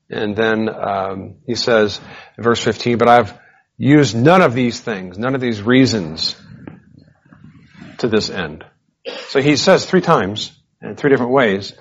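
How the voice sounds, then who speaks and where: A man giving a verse-by-verse Bible teaching, animated and emphatic, with casual conversational asides. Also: medium pitch, highs cut off.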